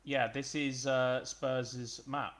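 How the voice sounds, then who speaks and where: A man's voice: mid-range voice, flat delivery, slow, a bit bright. Man, guest, hesitant, lots of ums, casual chat. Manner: hesitant, many fillers.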